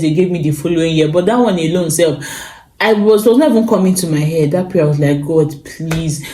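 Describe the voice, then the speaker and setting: A young Nigerian woman with a Nigerian accent, telling a personal story in a casual, animated vlog full of exclamations and repeats. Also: lowish voice, echoey room. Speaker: vlogger. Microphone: phone.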